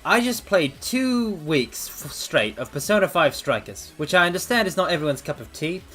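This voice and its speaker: A man streaming casual chat, theatrical and animated, calling his viewers mortals, a little out of breath. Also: on the high side, moderate pace. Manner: animated, swings between loud outbursts and mock apologies. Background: faint background music.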